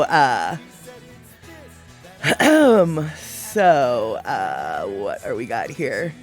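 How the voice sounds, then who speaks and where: Chatty, lively-voiced stream host. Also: mid-range voice. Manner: chatty, animated, playfully exasperated. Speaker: livestream host. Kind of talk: casual chat reading viewer comments.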